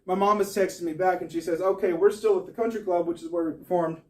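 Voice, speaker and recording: A man telling a comic story on stage, animated and breaking into high yelps and laughter. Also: fast talker, distant mic. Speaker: stand-up comedian. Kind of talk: storytelling stand-up.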